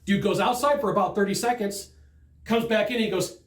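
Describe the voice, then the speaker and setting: A man giving a sales training talk, telling stories from the field in an animated, emphatic way. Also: high-pitched, a little fast, roomy sound.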